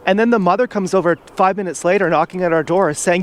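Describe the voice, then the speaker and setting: A man's voice: high voice, fast. A man vlogging outdoors from an e-bike, rambling in a casual monologue full of "like" and restarts.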